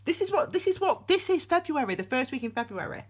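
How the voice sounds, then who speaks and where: Her high voice swings widely in pitch and moves at a quick pace. Reading tarot casually to a desk-mounted camera, the woman rambles chattily, laughing and often restarting what she's saying.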